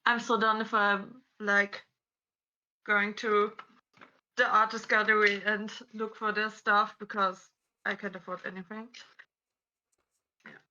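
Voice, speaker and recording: A woman's voice: mid-range voice, flat delivery, slow pace, long pauses, bright, forceful tone, muffled recording. A woman cosplayer with a non-native English accent, chatting on a convention panel and telling stories with lots of "like" fillers. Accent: non-native English speaker. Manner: chatty, storytelling, many "like" fillers. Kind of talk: casual chat.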